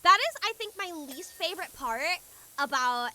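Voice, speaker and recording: A young woman streaming a game, chatting casually and excitably with a friend. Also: high voice, moderate pace, a little hiss or hum. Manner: bubbly, excitable, giggly. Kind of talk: casual gaming stream chat.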